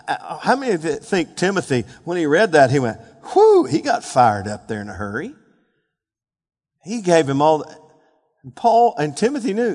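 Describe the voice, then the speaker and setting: A man preaching a sermon, fervent, building to shouted peaks and asking the congregation questions. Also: high voice. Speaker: pastor. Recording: long hall reverb.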